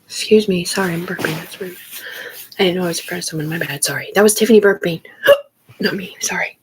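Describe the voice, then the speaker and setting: A woman's voice: on the low side, fast talker, slight background noise, rough recording. A woman chatting casually on a live stream, rambling from topic to topic and often dropping into an unvoiced whisper. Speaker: livestreamer. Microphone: phone or webcam on a live stream.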